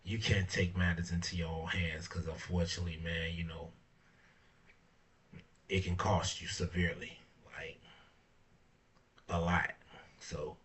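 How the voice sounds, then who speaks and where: A man's voice: low voice, level tone, unhurried, pauses often, a bit bright, distant mic. A man, hosting a casual monologue in a laid-back way, full of fillers and swearing. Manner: laid-back, fillers like "you know what I'm saying", swearing. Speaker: podcast host.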